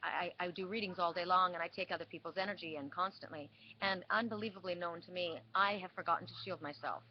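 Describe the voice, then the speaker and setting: A woman's voice: fairly low pitch, steady tone, quick pace. A woman giving a weekly spiritual card reading, telling a story with many restarts and repeats. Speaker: oracle card reader. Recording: dull lo-fi sound with faint hiss.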